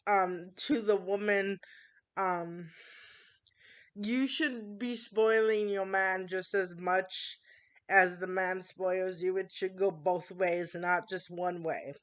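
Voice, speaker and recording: A woman talking earnestly to her viewers in a casual monologue, halting often with fillers and restarts. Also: medium pitch, steady tone. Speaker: channel host.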